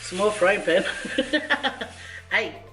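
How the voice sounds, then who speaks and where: A woman's voice: mid-range voice, animated, drawn-out words, a bit bright. A woman vlogger cooking in her home kitchen, chatting playfully and joking with her viewers as she goes. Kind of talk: casual cooking vlog chat. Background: faint background music.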